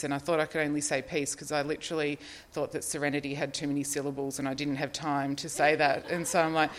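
Low-voiced Australian woman telling her story. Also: level tone, a little fast. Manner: rambling, self-deprecating, laughs often, many fillers. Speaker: person in recovery sharing her story. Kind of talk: personal testimony, casual storytelling.

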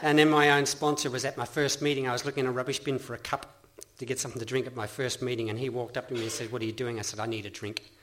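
A middle-aged Australian man speaks at a meeting, telling his own story in an earnest, rambling way. He often restarts his sentences and breaks into laughter, and his voice sits at an ordinary middle pitch. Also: flat delivery, racing, hardly any pauses, a bit bright, slight background noise. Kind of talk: personal testimony talk.

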